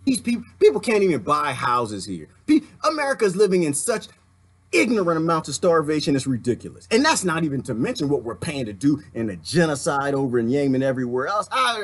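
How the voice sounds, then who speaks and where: A man delivering an impassioned political rant, fiery and heated, swinging between outbursts and muttering to calm himself. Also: a little high, fairly quick. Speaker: commentary vlogger.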